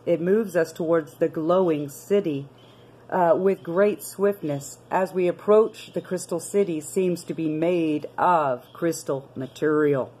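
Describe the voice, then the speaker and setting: A woman's voice: fairly low pitch, warm tone, husky, poor audio. A woman reading a diary aloud and adding earnest commentary, addressing her listeners as brothers and sisters. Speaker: video narrator.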